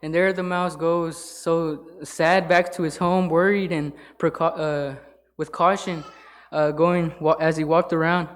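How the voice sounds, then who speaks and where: A man speaking from the pulpit in an informal sermon. He halts often, filling gaps with fillers and starting sentences over. His voice sits slightly high for a man. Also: flat delivery, a bit bright. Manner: halting, with many fillers and restarts. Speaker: lay church speaker. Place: church sanctuary.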